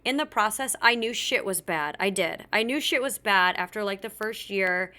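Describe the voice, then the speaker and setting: This podcast host has a bright, forceful, medium-pitched voice with lively intonation and a normal speed. Recounting something from her own life, she speaks openly and bluntly, swears freely, and voices what others told her.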